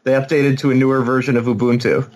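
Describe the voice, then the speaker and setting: A man's voice: medium pitch, fast talker. A jet-lagged man co-hosting a podcast, telling rambling stories in casual chat. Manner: animated, rambling storytelling with laughs. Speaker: podcast co-host.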